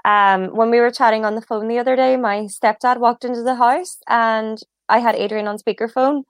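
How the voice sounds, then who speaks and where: Woman, podcast co-host, chatty, slightly high voice, dry sound. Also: steady tone, moderate pace, clean tone, no room sound. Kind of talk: casual chat.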